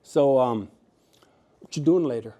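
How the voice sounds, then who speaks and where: A man's voice: medium pitch, unhurried, dark tone, muffled recording, lightly acted. A man doing an easygoing male eagle. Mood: grateful, flirty.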